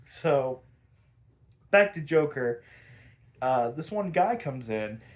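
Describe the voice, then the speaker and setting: A man's voice: mid-range voice, lively intonation, takes it slowly. A man hosting a podcast, casually recapping a cartoon episode in a chatty, filler-heavy way. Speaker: podcast host.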